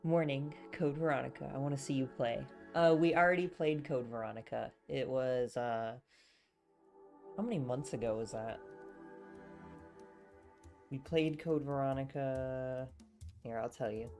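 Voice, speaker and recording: A woman's voice: very deep voice, measured pace, pauses often, darkish tone, faint music behind. A young woman streaming as she reads a novel aloud and chats with viewers in a rambling, easygoing way. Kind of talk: casual live stream chat and book reading.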